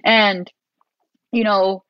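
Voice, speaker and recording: A young woman, a guest, telling a story in casual chat. She is lively, says "like" a lot and jumps into higher voices when she quotes people. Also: extremely slow, no echo, dull audio. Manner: animated, heavy use of "like", acts out quotes in a higher voice.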